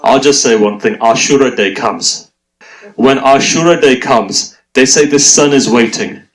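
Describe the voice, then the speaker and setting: A man's voice: medium pitch, normal speed, rough recording. A man reciting a mourning sermon, emotional and full of rhetorical questions put to his audience. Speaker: religious speaker.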